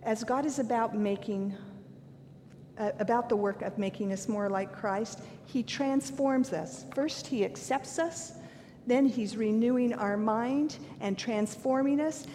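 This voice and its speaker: A woman's voice: a little slow, dark tone. An older woman giving a sermon, earnest and candid, mixing scripture with self-deprecating stories from her own life. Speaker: preacher. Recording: long hall reverb, faint rumble.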